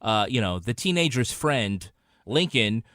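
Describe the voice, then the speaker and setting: A man's voice: medium pitch, sing-song, unhurried, a bit bright, dry recording, studio quality. A man co-hosting a podcast review, teasing his co-hosts in an easygoing way. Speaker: podcast co-host.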